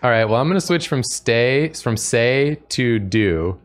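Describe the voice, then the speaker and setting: A man's voice: mid-range voice, lively intonation, a little slow. A man co-hosting a stream in casual chat, reading a text adventure's story aloud with frequent chuckles. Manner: amused, chuckles often while reading. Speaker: stream co-host.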